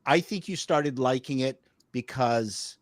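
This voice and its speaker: A man on a live panel chat, speaking at an average pitch with a dry, close sound. He stammers and repeats words as he pushes his opinions. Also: unhurried, dry recording.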